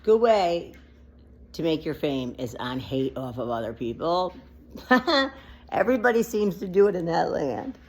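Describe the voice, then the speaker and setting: A low, sing-song voice with a darkish tone carries this unedited vlog monologue at a moderate pace. The woman, a mother, rambles emotionally and seems near tears as she speaks.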